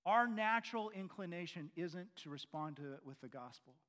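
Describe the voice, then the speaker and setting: A man preaching a sermon earnestly, pressing loud questions and then dropping to quiet, low endings. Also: expressive, moderate pace.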